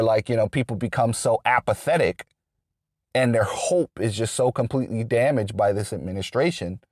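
A man's voice: mid-range voice, darkish tone, no room sound, studio quality. A man giving an unscripted political monologue, rambling and restarting often with lots of fillers. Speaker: political commentator.

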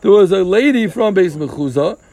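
A man with a high, gravelly voice leads a relaxed Talmud class. He explains each step patiently, drops Hebrew and Aramaic terms into his English and jokes with the students. The recording picks up the group around him. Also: normal speed. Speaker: Talmud teacher. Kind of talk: casual Gemara class.

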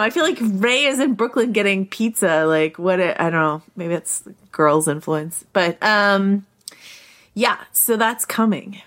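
Chatty woman podcast co-host. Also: medium pitch. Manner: animated, quick asides with many "like"s. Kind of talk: casual podcast discussion.

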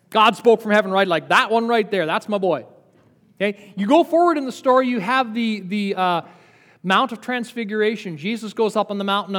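High-voiced preacher in a reverberant hall. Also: male voice. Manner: lively, conversational teaching with rhetorical questions. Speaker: pastor. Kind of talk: sermon.

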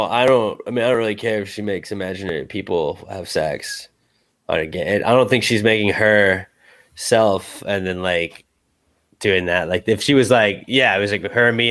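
A man's voice: fairly low pitch, normal speed, a bit bright. A young man co-hosting a podcast in casual chat, laid-back and slangy, rambling with lots of fillers. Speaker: podcast co-host.

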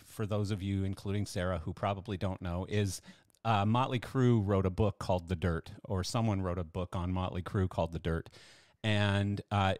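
A man's voice: on the low side, no echo, studio quality. An older man hosting a podcast, telling stories in a chatty, enthusiastic way with lots of fillers. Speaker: podcast host. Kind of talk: casual podcast monologue.

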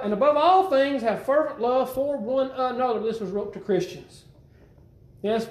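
A man's voice: high voice, darkish tone, reverberant. A man preaching a sermon to his congregation, conversational and repetitive, often putting questions to the listeners. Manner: conversational, repeats himself, asks the congregation questions.

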